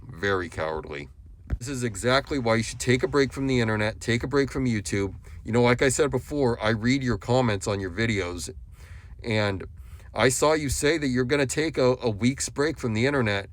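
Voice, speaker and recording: A young adult man delivering a scolding monologue at another YouTuber, lecturing in a contemptuous, repetitive way. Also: medium pitch. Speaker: YouTube commentator.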